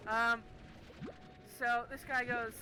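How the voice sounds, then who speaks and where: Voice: mid-range voice, level tone, takes it slowly, pushed and bright, slight background noise, low-quality recording. A young adult game streamer telling a story casually while playing, swearing constantly in an exasperated rant.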